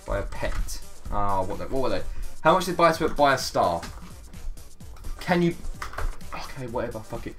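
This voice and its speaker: A young man doing casual gameplay commentary, swearing often and quick to get exasperated and mock himself. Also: mid-range voice, big pitch swings, a bit bright, soft background music. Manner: swears a lot, quick to exasperation, self-mocking. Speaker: gaming YouTuber.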